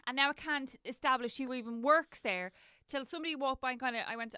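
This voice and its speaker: An Irish woman telling a story at a quick clip, with a bright, crisp voice. She swears casually as she goes, and the sound is dry. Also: on the high side, dry recording. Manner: brisk anecdotal, sweary. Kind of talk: storytelling chat.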